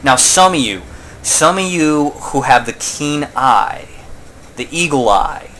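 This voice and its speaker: A man's voice: on the high side, animated, takes it slowly, a bit bright. A man hosting a casual let's play, rambling and joking in self-mocking asides while he plays. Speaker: gaming channel host.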